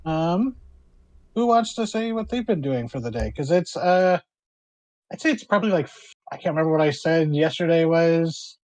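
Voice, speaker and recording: A man's voice: fairly high pitch, lively intonation, normal speed, darkish tone, no room sound. A man working as game master and narrating a tabletop role-play game, rambling with fillers and restarts.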